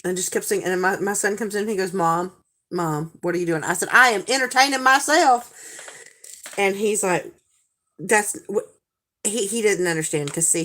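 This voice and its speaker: A woman in her forties with a Southern accent, chatting casually with viewers on a livestream and telling stories in a lively, animated way. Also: on the low side. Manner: chatty, animated storytelling with frequent laughs. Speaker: livestream host.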